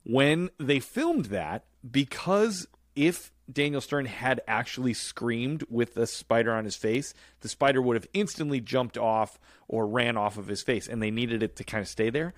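A man's voice: medium pitch, unhurried, no room sound. Guy cohosting a podcast, chatty, laughs a lot, mid voice, dry close sound. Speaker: podcast co-host. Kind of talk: casual chat.

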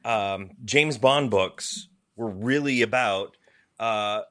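A man playing along on a comedy podcast, rambling deadpan answers with many fillers. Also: on the low side, slow. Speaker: podcast co-host and contestant.

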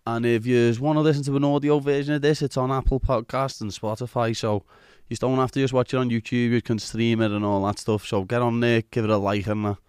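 A man with a Scouse accent hosts in a chatty, informal way. His voice is smooth and clean, recorded dry and close, with nothing of the room around it. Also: mid-range voice, level tone, fairly quick, a little mellow, no room sound. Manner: chatty, informal, uses "lad". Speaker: podcast host. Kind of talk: casual interview chat.

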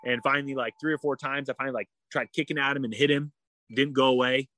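A man telling a story in a casual interview, animated and full of "like", acting out what people said. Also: medium pitch, fast. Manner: animated, heavy use of "like", acts out quoted dialogue. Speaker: guest.

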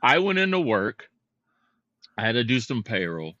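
A man co-hosting a podcast, telling a story in a casual, animated and heated way. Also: mid-range voice, moderate pace, dry recording, highs cut off. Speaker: podcast co-host.

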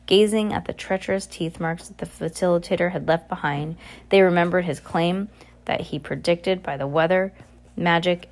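A woman with a lowish voice reads a novel aloud in plain amateur audiobook style. She keeps a steady pace but often stumbles and restarts words. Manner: steady reading with frequent slips and restarts. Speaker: audiobook reader.

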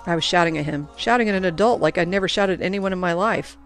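A woman reading first-person audiobook narration in an earnest, expressive way. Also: lowish voice, fast talker, soft background music.

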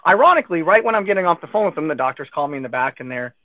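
A man's voice: a little high, very fast, no echo. A man recounting his cancer diagnosis in casual conversation, acting out what friends and doctors said to him. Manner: animated retelling, acting out quotes of others. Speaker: guest telling his cancer story. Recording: tinny phone-line sound.

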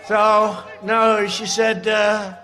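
A man giving a campaign rally speech, rambling and sarcastic, often shouting his points. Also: high-pitched, little pitch movement, drawn-out words, faint music behind, a faint crowd. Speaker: political speaker at a rally. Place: large outdoor rally.

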